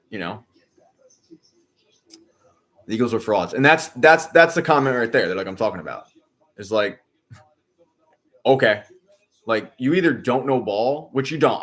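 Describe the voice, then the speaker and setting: A young adult man streaming live, ranting at a troll in his chat and insisting he is calm, repeating himself with sarcasm. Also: lowish voice. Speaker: watch-along streamer.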